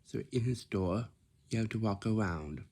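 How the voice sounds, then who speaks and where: A man's voice: on the low side, moderate pace, gravelly, a little mellow. A man giving casual workplace advice in a repetitive, scolding way, often checking with "right?". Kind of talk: casual instructive monologue.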